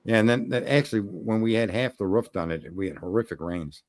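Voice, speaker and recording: A man's voice: fairly low pitch, brisk, darkish tone, no room sound. A man in casual chat, telling a roofing story in a blunt, profane way. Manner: storytelling, profane, talks through trade details.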